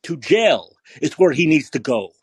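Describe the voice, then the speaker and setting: A man hosting a podcast, delivering an angry, profane political rant full of repeated rhetorical questions and yelling. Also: fairly high pitch, very animated, moderate pace, breathy edge, dry recording. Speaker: podcast host.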